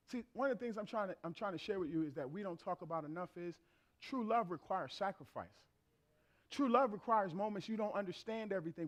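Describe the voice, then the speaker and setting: A man in his thirties preaching a sermon, blunt and playful, talking straight to the congregation. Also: high voice.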